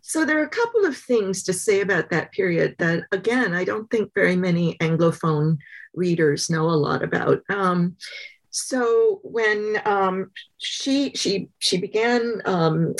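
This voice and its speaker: A woman biographer being interviewed, telling anecdotes conversationally with thoughtful pauses and frequent fillers. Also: medium pitch, poor audio. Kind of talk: conversational storytelling.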